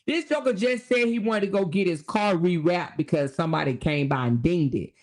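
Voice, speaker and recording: A woman's voice: on the low side, lively intonation, a little fast, few pauses. A woman hosting a casual livestream, laughing often and mocking as she talks straight to her viewers. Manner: does sums and reads aloud while talking. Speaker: livestream host.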